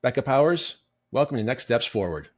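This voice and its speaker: A man's voice: mid-range voice, sing-song. A man hosting a podcast, reading a guest introduction and asking interview questions. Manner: brisk, reads intro with small self-corrections. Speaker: podcast host.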